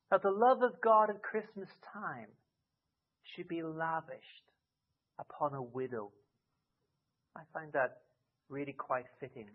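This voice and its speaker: A man preaching a sermon expressively, with dramatic rises and soft drops. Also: a little high. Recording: tinny phone-like sound.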